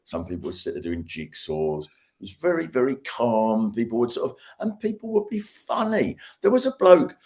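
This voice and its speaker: A man, a guest, telling stories in casual chat, animated and laughing, with trailing restarts. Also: medium pitch, moderate pace.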